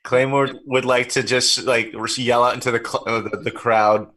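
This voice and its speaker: A man speaking for his character in a tabletop game, relaxed and a little halting, full of uhs. His voice has a bright, forceful edge, pitched in the middle for a man. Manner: relaxed, hesitant with uhs and restarts. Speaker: player. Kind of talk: tabletop role-play.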